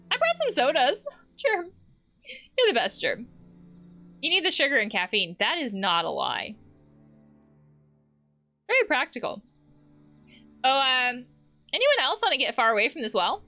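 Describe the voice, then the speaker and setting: A woman's voice: a little high, bright, forceful tone. A woman playing a game, reading the characters' lines aloud and adding her own comments. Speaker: let's play host.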